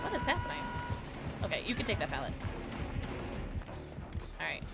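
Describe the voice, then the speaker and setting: A woman livestreaming while gaming, chatting excitedly with her viewers in a loose, filler-heavy way. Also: sits low, moderate pace, vocal fry. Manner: excitable, chatty, talks to chat, many fillers like "like". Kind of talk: casual gaming livestream chat. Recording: game music audible behind voice.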